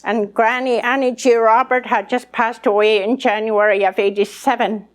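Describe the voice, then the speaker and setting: A woman's voice: on the high side, steady tone, normal speed. An older woman, an elder speaking at a conference, telling her life story in earnest and acting out remembered conversations. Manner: earnest, acts out remembered dialogue. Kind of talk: personal storytelling testimony.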